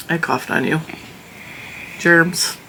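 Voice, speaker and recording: A woman's voice: fairly low pitch, sharp tone, slight background noise. Chatty mom teasing her kid. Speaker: vlog host and mother. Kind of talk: casual chat with her child.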